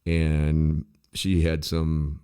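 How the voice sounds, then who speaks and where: A man co-hosting a podcast, chatting casually in a loud, profane, ranting way and mocking other people's voices. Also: rumbling low, monotone, extremely slow, smooth. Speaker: podcast co-host. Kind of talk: casual chat.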